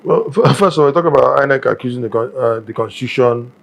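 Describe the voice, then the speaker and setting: Guy on a morning show, gravelly, hammering his points home. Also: mid-range voice, fast. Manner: emphatic, repeats for stress. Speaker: guest analyst. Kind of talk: morning show news commentary.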